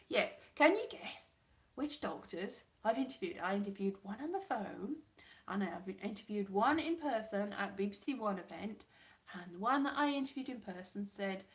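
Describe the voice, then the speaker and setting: Chatty woman rambling on a livestream. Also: medium pitch. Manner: chatty, rambling, self-mocking. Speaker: YouTuber. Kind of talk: casual livestream chat.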